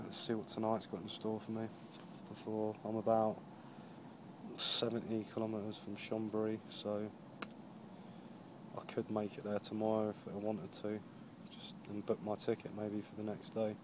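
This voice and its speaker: A young man from Jersey, a touring cyclist, telling a rambling casual video-diary story outdoors, worn out after a long day's ride. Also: fairly low pitch. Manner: rambling storytelling, lots of "and I was like". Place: outdoors at a roadside camp. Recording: noisy outdoor camera recording.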